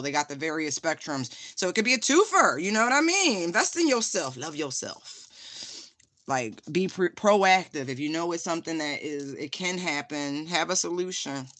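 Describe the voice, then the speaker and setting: Bright, forceful tarot reader talking straight to viewers. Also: mid-range voice, normal speed, a little hiss or hum. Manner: chatty and direct, many fillers, addresses viewers as honey; holding and showing a stone on camera. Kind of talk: casual spiritual card reading to viewers.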